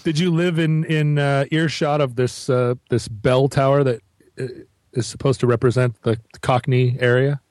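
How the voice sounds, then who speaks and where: A man who is a musician, speaking as a podcast guest in a wry, rambling way with deadpan jokes. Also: medium pitch, moderate pace, no echo. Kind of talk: casual podcast chat.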